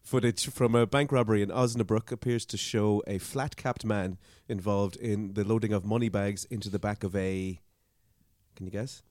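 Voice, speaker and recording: An Irish man chatting on a podcast, his voice sitting low and recorded dry and close. He is jokey and laughs often as he reads out news items to his co-hosts. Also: fairly even intonation, normal speed, darkish tone, dry recording. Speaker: podcast co-host. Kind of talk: casual chat.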